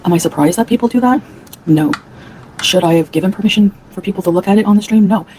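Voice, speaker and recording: A woman's voice: mid-range voice, fast, warm tone, a little hiss or hum, poor audio. A woman from Canada ranting angrily on a livestream, profane and heated, answering her chat. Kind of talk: angry livestream rant.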